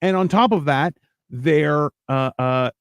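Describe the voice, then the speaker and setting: A man's voice: fairly high pitch, takes it slowly, clear, resonant tone, dry recording, studio quality. A man hosting a casual podcast chat, talking bluntly with lots of swearing and emphatic repeats. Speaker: host.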